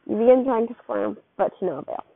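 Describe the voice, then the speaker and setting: A woman's voice: on the high side, quick pace, creaky, no room sound. A woman casually reading a second-person fan fiction story aloud, with a loose, rambling delivery full of slips and restarts. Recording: tinny, phone-like dry recording.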